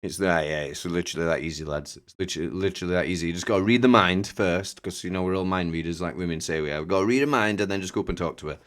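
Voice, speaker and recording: A man's voice: sits low, rapid-fire, hardly any pauses, a bit bright. A man giving sardonic reaction commentary, mocking and opinionated. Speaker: commentary host.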